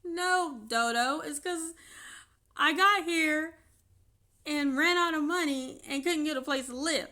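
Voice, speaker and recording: In an unscripted vlog, a woman tells a personal story in a high, slow, pushed and bright voice. She's chatty and laughs often between sentences, with lots of fillers and restarts.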